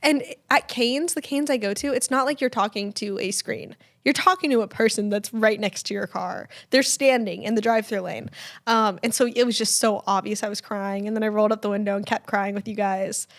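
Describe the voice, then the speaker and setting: A woman's voice: medium pitch, a little fast. A young woman from Georgia co-hosting a casual family podcast, telling stories with frequent laughs. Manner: chatty storyteller, laughs often, quotes people in lively voices. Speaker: podcast co-host.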